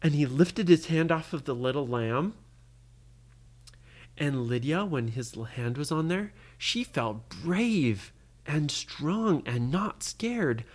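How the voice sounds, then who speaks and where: Parent, improvised bedtime story, slow, very lively pitch, expressive, asks the listener questions.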